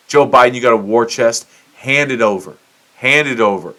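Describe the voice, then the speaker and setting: A man's voice: mid-range voice, normal speed, a bit bright. A middle-aged man from the United States hosting his own show, ranting in casual commentary with swearing and self-mocking outbursts. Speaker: podcast host.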